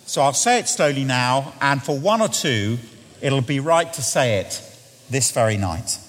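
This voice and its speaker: A man preaching a sermon in a church, telling humorous stories and then slowing down to lead an earnest prayer. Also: mid-range voice, animated, a bit bright. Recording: echoey church hall with long reverb.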